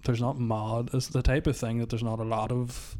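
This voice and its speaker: Young lad, middle pitch, kinda hesitant, tails off with like. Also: male voice, level tone, moderate pace, dark tone. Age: young adult. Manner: hesitant, trailing "like". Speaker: podcast co-host. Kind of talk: casual chat.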